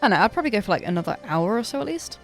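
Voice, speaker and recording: Young woman gaming stream, chatty jokey, mid pitched, faint music behind. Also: sing-song, rapid-fire. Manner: chatty, joking, talks to people off-mic. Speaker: game streamer. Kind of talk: casual livestream chat.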